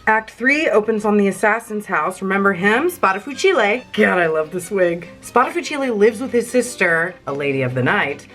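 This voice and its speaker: A woman's voice: mid-range voice, expressive, moderate pace, hardly any pauses, fairly bright tone, faint music behind. A woman hosting a playful, slangy recap of an opera plot, full of jokey asides. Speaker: host.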